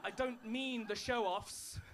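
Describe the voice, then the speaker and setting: A man's voice: very high-pitched, steady tone, takes it slowly, fairly bright tone, slight background noise. A man doing stand-up comedy, dry storytelling with put-on posh voices. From England. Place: comedy club stage with an audience.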